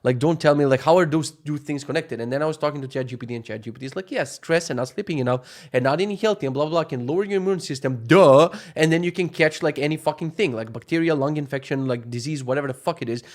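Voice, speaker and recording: A young man telling a story in a casual vlog, animated and profane, acting out what others said in shifting voices. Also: a little high, fast talker, few pauses. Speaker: vlogger.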